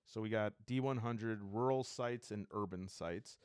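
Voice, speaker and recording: A man's voice: lowish voice, a little slow, a little mellow, clear, resonant tone, dry recording, studio quality. A man casually flipping through and reviewing a tabletop game book, rambling and thinking aloud with enthusiasm.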